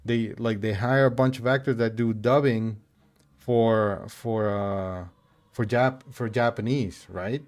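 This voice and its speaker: A man's voice: medium pitch, steady tone, slow, a little mellow. Laid-back rambling male streamer. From Mexico. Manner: rambling, laid-back, many fillers and restarts. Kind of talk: casual chat while gaming.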